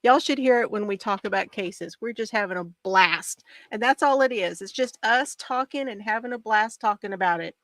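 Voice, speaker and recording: A woman hosting a casual crafting video, bubbly and excitable, laughing often as she talks. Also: medium pitch, moderate pace, hardly any pauses, no room sound. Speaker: knitting video host.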